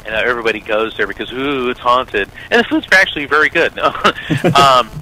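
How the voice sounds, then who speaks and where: A man as a radio interview guest, an animated storyteller who acts out the voices of the people in his story. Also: mid-range voice, fast, slight background noise, low-quality recording. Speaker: guest, psychic medium and lawyer.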